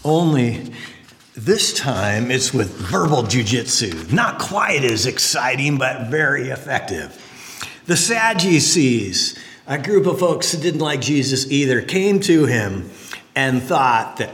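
A man's voice: medium pitch, a little slow. A middle-aged man preaching a sermon, telling stories with jokey asides. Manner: animated storyteller, jokey asides. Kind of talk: sermon with storytelling. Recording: echoey hall.

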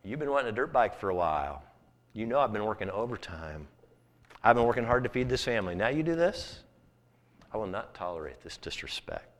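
A man's voice: on the low side, in a large hall. A preacher voicing a stern, firm father. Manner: firm, measured lecturing. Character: stern, loving father disciplining his son.

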